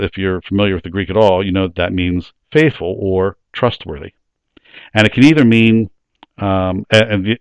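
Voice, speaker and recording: Lowish-voiced man preaching conversationally. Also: clear, resonant tone, no room sound. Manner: conversational, plain-spoken teaching with rhetorical questions. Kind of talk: sermon.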